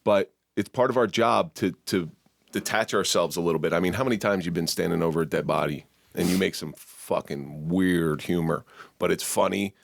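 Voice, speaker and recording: A law enforcement officer telling crude stories and musing bluntly about the job in a casual podcast chat. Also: male voice, sits low, vocal fry, no room sound, studio quality.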